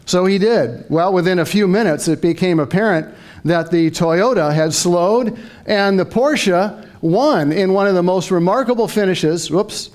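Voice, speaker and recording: A middle-aged man with a notably high-pitched voice delivers a motivational talk to a live audience. He tells his story lively and acts out the back-and-forth in his head. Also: measured pace. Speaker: motivational speaker.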